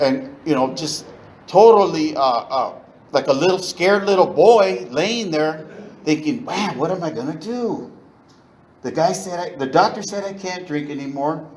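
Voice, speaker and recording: Middle-aged man from East Los Angeles, slightly high voice, candid recovery-meeting storyteller. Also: rough recording. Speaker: AA meeting speaker.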